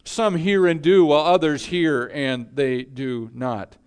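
A male pastor preaching a sermon in a measured way, letting his voice fall quiet at the ends of phrases. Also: fairly high pitch, steady tone, clear, resonant tone.

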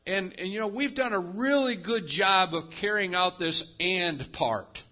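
A male pastor preaching a sermon with emphatic delivery, swinging between loud, high-pitched bursts and quiet, low drops. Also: measured pace, highs cut off. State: lives with chronic pain.

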